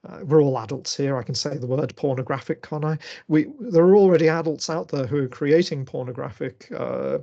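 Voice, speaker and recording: A male lecturer gives an online masterclass talk and fields questions on a video call, thinking aloud with many fillers and restarts. His voice is a little high and a little mellow, with vocal fry, and the sound is lo-fi.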